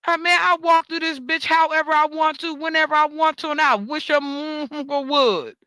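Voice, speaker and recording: A woman rants straight into the mic in a high, bright voice. She swears freely and repeats words for emphasis, and the dry recording has no room sound. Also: steady tone, normal speed, no echo. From New York. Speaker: talk show host. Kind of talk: ranting monologue.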